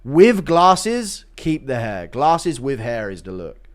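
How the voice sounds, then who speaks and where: A man with a mid-range voice speaks slowly while hosting a livestream, reading chat donations aloud and ranting animatedly with plenty of heavy swearing.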